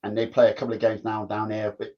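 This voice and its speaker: Rambling ex-footballer, muffled sound. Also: male voice, on the low side, completely flat delivery, fast talker. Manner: rambling, repeats "like I say". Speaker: former footballer guest. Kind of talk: casual chat, storytelling. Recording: dull lo-fi sound.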